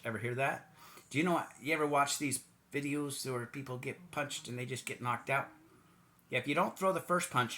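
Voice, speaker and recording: A man's voice: mid-range voice, bright, forceful tone. An American man delivering a sarcastic, mocking political rant, now and then putting on silly voices. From United States. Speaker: political commentator. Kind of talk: ranting monologue.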